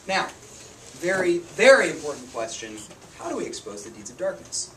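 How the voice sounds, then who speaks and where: Heard through a distant mic with plenty of room noise, a preacher delivers a relaxed, chatty sermon in a fairly high, sing-song voice that's bright and forceful, moving a little fast. He shares personal stories and jokes at his own expense.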